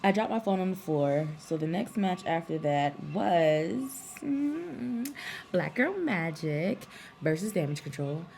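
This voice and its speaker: Woman, casual review vlog, frank and chatty, deep voice, a bit of vocal fry. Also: animated, slow pace, darkish tone, slight background noise. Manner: chatty, frank, swears freely, many ums and likes. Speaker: wrestling show reviewer.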